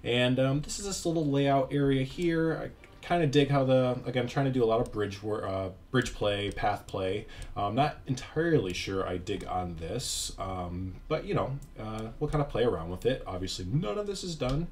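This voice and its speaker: A man's voice: medium pitch, animated, moderate pace, a little mellow, a little hiss or hum. A young man casually commenting over his gameplay, rambling and self-deprecating, with lots of filler words. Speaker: YouTuber.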